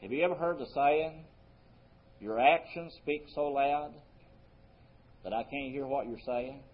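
Male preacher, mid-pitched, earnest sermon delivery with swelling emphasis; dull lo-fi recording. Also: measured pace. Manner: earnest preaching, rising emphasis then dropping soft. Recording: muffled lo-fi recording.

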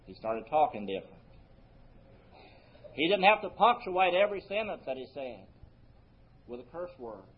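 A man preaching a sermon earnestly, his voice rising for emphasis and then dropping soft. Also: fairly high pitch, sing-song, moderate pace, long pauses, a little hiss or hum. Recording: muffled lo-fi recording.

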